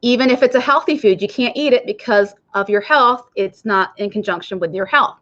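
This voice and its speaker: A nurse and health coach chats casually and directly with her viewers in an online coaching talk. Her voice is medium-pitched and fairly bright, a little fast, with the highs cut off.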